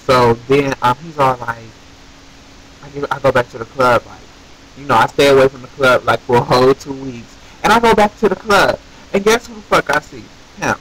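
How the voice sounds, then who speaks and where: A young man tells a story to his viewers in a casual, animated way. He talks at a mid pitch, swears freely and rants with rhetorical questions. Faint hiss sits under his voice. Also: moderate pace, low-quality recording. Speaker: vlogger.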